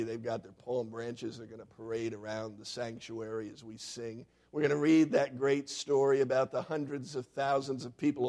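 A male pastor preaches a sermon in a church sanctuary, posing questions to the congregation and swinging between loud and hushed delivery. His voice is mid-range with a creaky quality.

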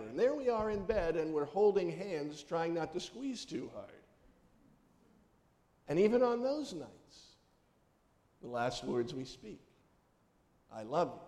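A man's voice: a little high, a little mellow. A man preaching a conversational sermon, telling homely, humorous stories and putting questions to the congregation. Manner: folksy, humorous storytelling, asks the congregation questions. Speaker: pastor. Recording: long reverb of a large hall.

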